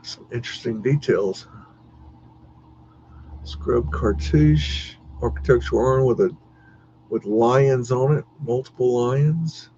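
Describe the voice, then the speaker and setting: A man's voice: medium pitch, takes it slowly, long pauses, warm tone, a little hiss or hum. A man hosting a live stream, chatting casually and rambling, with frequent laughs and many restarts. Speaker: livestream host. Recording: dull lo-fi stream audio.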